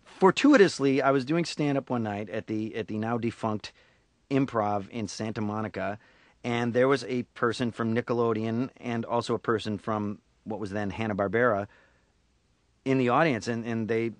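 Nasal upstate New York guy, animated and playful, guest voice actor, close dry studio mic. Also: mid-range voice, normal speed, no echo. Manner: animated storyteller, slips into impressions and laughs often. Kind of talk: casual radio interview.

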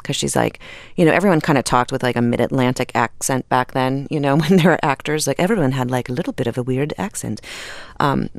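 A middle-aged actress chatting as a radio interview guest, rambling with fillers and restarts and laughing often. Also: female voice, a bass voice, brisk, dry recording, clean studio sound. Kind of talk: casual interview conversation.

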